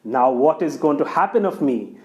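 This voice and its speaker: A man's voice: fairly high pitch, animated, normal speed, darkish tone, lo-fi sound, natural voice. A man doing an eager little squirrel. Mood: panicked. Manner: eager, then panicky. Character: small eager male squirrel.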